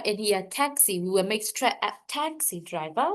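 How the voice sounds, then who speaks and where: A woman from Myanmar with a Burmese accent, teaching an online English class and explaining slowly and carefully. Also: medium pitch, animated. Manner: slow, careful explaining, stressing example words.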